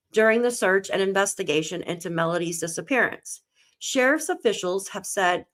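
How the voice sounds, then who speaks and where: A woman's voice: fairly low pitch, a bit bright. A woman hosting a live true crime stream, greeting viewers by name and reading a news article aloud while close to tears. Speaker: true crime channel host.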